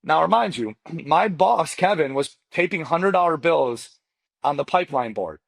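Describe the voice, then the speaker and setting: A mortgage loan officer in his forties, not a native English speaker, tells his story as a podcast guest at normal speed with vocal fry, in a dry recording. He's lively and slangy, addresses the host directly, and acts out quoted dialogue with big leaps in pitch.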